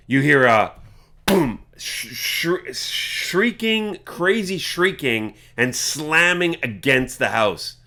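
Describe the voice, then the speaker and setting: Bright-voiced man running a tabletop game. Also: medium pitch. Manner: halting, filler-heavy narration. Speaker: dungeon master.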